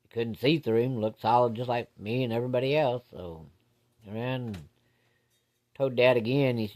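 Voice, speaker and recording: A man's voice: medium pitch, normal speed, darkish tone. A man telling a personal ghost story from his childhood in a folksy, plain-spoken way with casual swearing.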